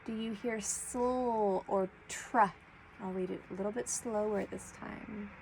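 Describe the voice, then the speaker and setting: A woman teaching a preschool class, speaking slowly and clearly as she sounds out letter blends for young children. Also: medium pitch, fairly even intonation, mellow, a little hiss or hum, rough recording. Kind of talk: slow read-aloud lesson for young children.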